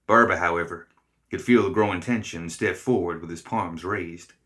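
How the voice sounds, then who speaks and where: A man reading a story aloud as narrator, in a measured, expressive way. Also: sits low. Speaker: reader.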